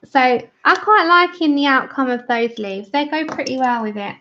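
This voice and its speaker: The host, a woman from Britain, is colouring live while chatting with viewers, frequently laughing and replying to comments. Her voice sits high with a sharp tone and lively intonation at a moderate pace, and the stream sound is dull and lo-fi.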